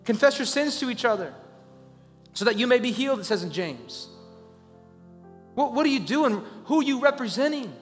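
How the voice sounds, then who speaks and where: A man preaching a sermon as a pastor, talking conversationally and rising into loud, urgent pleas. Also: very high-pitched, big pitch swings, moderate pace, pauses often, long reverb tail, soft background music.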